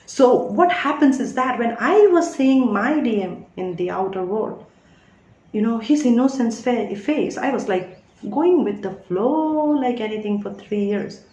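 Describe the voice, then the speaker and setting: A woman's voice: on the high side, lively intonation, measured pace, a little mellow, echoey room, low-quality recording. A woman giving an earnest spiritual teaching talk as a reader, often asking listeners whether they follow her.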